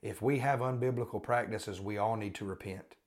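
A man's voice: on the low side, brisk. A man hosting a Christian podcast, pleading earnestly with listeners and repeating pointed questions. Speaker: podcast host and Christian teacher. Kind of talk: earnest spoken exhortation.

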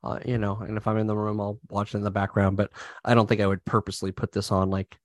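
A man's voice: lowish voice, monotone, fast talker, no room sound. A man co-hosting a podcast, chatting casually about movies he watched. He rambles with lots of restarts and fillers. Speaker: podcast co-host. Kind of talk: casual movie review chat.

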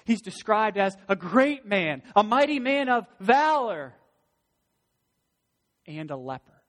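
High-voiced emphatic male preacher in a hall. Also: very animated, slow. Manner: emphatic, rising to loud stresses; folksy asides. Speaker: pastor. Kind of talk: sermon. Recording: long hall reverb.

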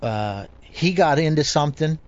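A man's voice: fairly high pitch, lively intonation, normal speed, dull audio. Rambling man telling a fishing story. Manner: rambling, many restarts and "you know". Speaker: guest angler. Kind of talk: casual storytelling chat.

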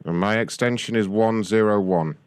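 Deadpan low-voiced man on a prank call. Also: normal speed, clear, resonant tone, low-quality recording. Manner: deadpan, mock-official phone manner. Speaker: prank caller.

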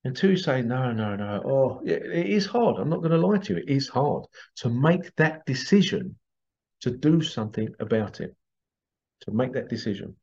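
A man's voice: mid-range voice, expressive, moderate pace, gravelly, darkish tone. Rambling man, lo-fi sound. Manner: rambling, repeats phrases, acts out quoted voices. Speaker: healing therapist. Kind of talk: casual monologue to camera.

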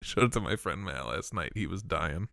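A man co-hosting a podcast in casual chat, joking and animated, often bursting into laughter. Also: deep voice, moderate pace, gravelly, no echo, clean studio sound. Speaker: podcast co-host.

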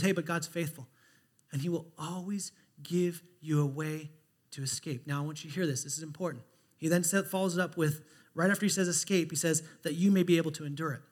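A male pastor preaching a sermon, swinging between hushed asides and loud, impassioned stretches. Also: high voice, breathy edge.

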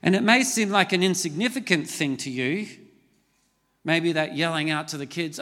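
Pastor preaching in a reverberant hall. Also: male voice, fairly high pitch, moderate pace, fairly bright tone. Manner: conversational, storytelling with self-mocking asides. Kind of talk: sermon. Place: large church hall.

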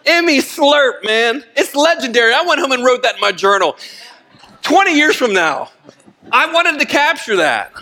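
An older man preaching a sermon, swinging from loud and impassioned to low and hushed, with folksy asides and laughter. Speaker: pastor.

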